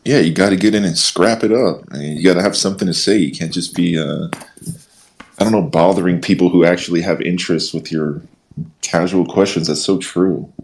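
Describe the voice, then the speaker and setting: A man's voice: sits low, brisk. A man in a live audio chat, talking in an easygoing, conversational way and agreeing with others. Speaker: participant in an audio chat room.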